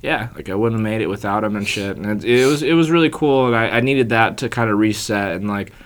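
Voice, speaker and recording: A man's voice: fairly low pitch, fast talker. A young man telling a long story in casual chat, laid-back, swearing and filling with "like".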